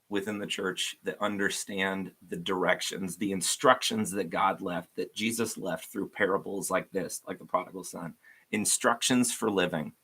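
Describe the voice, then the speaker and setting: A man's voice: low-pitched, fairly bright tone, slightly rough. A man giving an informal, earnest devotional talk to viewers, rambling with frequent restarts.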